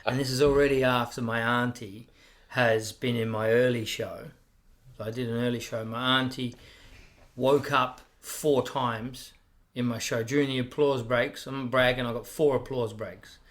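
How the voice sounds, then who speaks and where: A man's voice: mid-range voice, fairly even intonation, normal speed, fairly bright tone. A middle-aged man with an Australian accent telling brash stories in casual chat, swearing freely and acting out quoted voices. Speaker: stand-up comedian guest. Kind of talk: casual storytelling.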